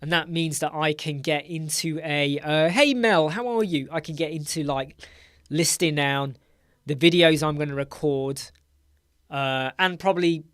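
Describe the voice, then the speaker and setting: A middle-aged man from England hosts a relaxed live Q&A, sleepy and yawning and rambling in a friendly way. His voice sits a touch high for a man. The sound is close and dry, with no room around it. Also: no echo. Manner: chatty, greets viewers by name, repeats words. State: tired, yawning. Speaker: livestream host. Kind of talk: casual live Q&A chat.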